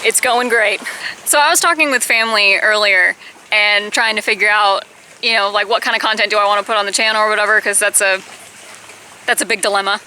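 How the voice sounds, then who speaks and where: A woman in her twenties telling a casual storytime on her vlog, chatty, with high-pitched bursts when she quotes herself. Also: pushed and bright, a little hiss or hum, rough recording. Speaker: vlogger.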